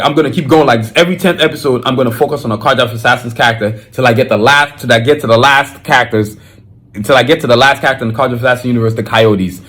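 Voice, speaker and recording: A man with a Nigerian accent talks alone as a podcast host. He speaks with emphasis and drive in a mid-range voice, often breaking off and restarting his sentences. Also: mid-range voice. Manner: emphatic and fired-up, with frequent restarts. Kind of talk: solo podcast monologue.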